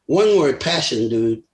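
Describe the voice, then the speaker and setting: An older man, a veteran singer, telling lively stories in an interview, laughing and acting out the voices of others. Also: mid-range voice. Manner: animated storyteller, laughs often, acts out voices. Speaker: guest singer. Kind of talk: storytelling interview. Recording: roomy echo.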